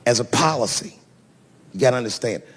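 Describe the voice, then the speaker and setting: On a large theater stage before an audience, a man does stand-up, telling a long, profane story conversationally as it builds to punchlines. His medium-pitched voice is animated, a little fast, and slightly rough, with long hall reverb from the live stage.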